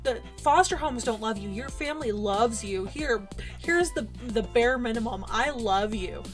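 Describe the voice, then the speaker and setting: A woman's voice: fairly high pitch, moderate pace, soft background music. Profane ranting woman streamer. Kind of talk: casual gameplay commentary and ranting.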